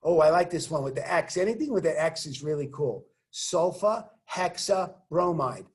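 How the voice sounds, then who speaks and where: Man, chemistry teacher, high voice, playful asides, encouraging, online lesson. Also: lively intonation, moderate pace. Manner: playful, joking asides while working through examples; encouraging, coaching students to say formulas aloud.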